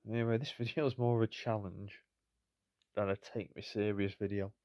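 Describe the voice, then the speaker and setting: A man's voice: fairly low pitch, steady tone, normal speed, mellow, no echo, clean studio sound. A tired man giving rambling, self-deprecating commentary on a football management game. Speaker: gaming YouTuber. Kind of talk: casual gameplay commentary.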